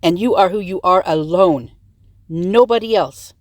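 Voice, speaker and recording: A woman's voice: fairly low pitch, a little slow, no room sound. A woman hosting her own video channel, delivering a heated commentary rant into her tablet's microphone and firing rhetorical questions at her viewers. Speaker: vlog host. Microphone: tablet microphone, close to screen.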